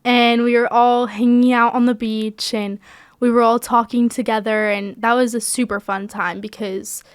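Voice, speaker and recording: A young woman, a graduating high school senior, telling stories in a bubbly way with laughter during a casual podcast interview. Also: level tone, normal speed, clear, resonant tone, no room sound, clean studio sound. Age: young adult.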